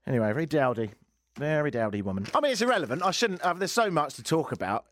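A man hosting a talk radio show, ranting sarcastically with lively asides from a studio microphone. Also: a little high, quick pace. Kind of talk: opinionated talk radio monologue.

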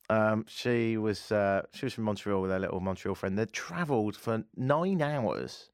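A man's voice: fairly low pitch, clean tone, no room sound. A man hosting a talk radio show, chatting casually with a dry, self-mocking wit from a studio. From England. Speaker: radio host. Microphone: studio mic.

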